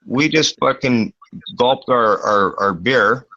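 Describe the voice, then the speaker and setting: A man with a mid-range, creaky voice tells a rowdy anecdote in casual chat at a slow pace, swearing a lot and filling gaps with "uh" and "you know." His retelling is animated. The recording is dull, lo-fi, and dry, with no room sound.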